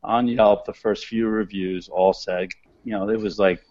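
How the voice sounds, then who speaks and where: A man's voice: on the low side, brisk, a little mellow. A man from New York with a New York accent, a restaurant owner talking bluntly and rambling with many restarts in an interview. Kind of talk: casual interview talk. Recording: dull, muffled sound.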